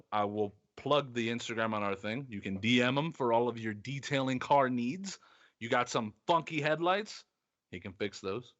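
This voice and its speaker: A man's voice: medium pitch, muffled recording. A man hosting a casual sports podcast, reading an ad and quizzing his co-host with a lot of laughter. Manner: lively, laughs often, reads ads casually. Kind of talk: casual sports quiz chat.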